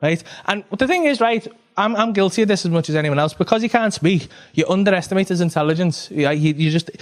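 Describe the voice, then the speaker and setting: A man's voice: high voice, animated, fast talker. A man doing stand-up, telling a rambling, sweary story and checking in with "right?" every few lines. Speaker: stand-up comedian. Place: comedy club stage.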